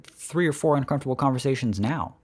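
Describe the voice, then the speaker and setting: A man co-hosting a casual podcast, talking with a hoarse voice in a playful, teasing, self-mocking way. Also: mid-range voice, fast talker, a little mellow. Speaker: podcast co-host. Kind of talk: casual chat. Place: California.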